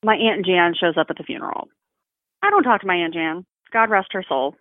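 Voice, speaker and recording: A woman's voice: fairly low pitch, fairly quick, no room sound. A woman from the South, talking frankly and bluntly, swearing freely as a guest in a casual chat. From Southern United States. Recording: phone-like narrow sound.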